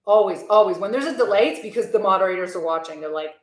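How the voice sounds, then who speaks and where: A woman's voice: mid-range voice, lively intonation, fast talker, few pauses. A woman live streaming casually, talking candidly and answering viewer comments from a room at home. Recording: roomy echo.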